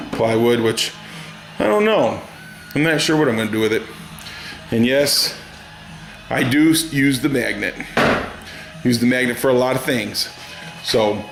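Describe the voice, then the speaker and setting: This garage hobbyist vlogger, a middle-aged man, drawls folksily as he chats and wanders through a story in his home workshop. He speaks with a mid-range voice in a reverberant space.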